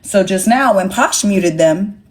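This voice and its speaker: In a mid-range voice with lively intonation, a young woman rants a little slowly on her phone livestream. She addresses her chat directly, sassy and blunt, with lots of swearing.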